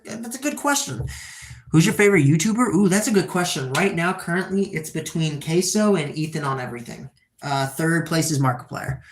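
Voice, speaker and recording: Young streamer, rambly and excitable, swears a lot, mid pitch, echoey room. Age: 20s. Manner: rambling and excitable, swears often, reads out chat questions. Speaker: livestreamer answering chat. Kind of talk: casual rambling livestream chat.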